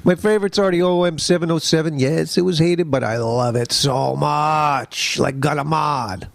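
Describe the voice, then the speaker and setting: A man's voice: fairly high pitch, moderate pace, vocal fry, dry recording. A man co-hosting a podcast, reading listener letters aloud in a jokey, casual way. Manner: jokey, breaks into put-on voices. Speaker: podcast co-host.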